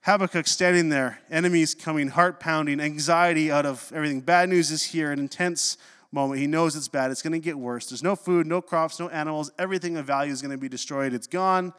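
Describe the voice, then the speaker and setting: A man preaching a sermon, telling stories with animated delivery and dropping low and slow for scripture quotes. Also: clear, resonant tone. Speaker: pastor. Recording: long reverb of a hall.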